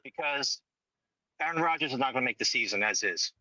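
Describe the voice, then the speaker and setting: A man's voice: mid-range voice, animated, brisk, pushed and bright, no echo. A man calling in to a talk show from a tent in a mine, making his point emphatically and checking "okay?". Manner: emphatic, keeps asking "okay?". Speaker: caller. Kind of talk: phone-in opinion. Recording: dull lo-fi call audio.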